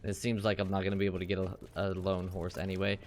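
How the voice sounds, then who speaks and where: Low-voiced man rambling over gameplay. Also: completely flat delivery, racing, darkish tone, a little hiss or hum. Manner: rambling and offhand, puts on silly high voices for characters. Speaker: game walkthrough host. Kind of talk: casual gameplay commentary.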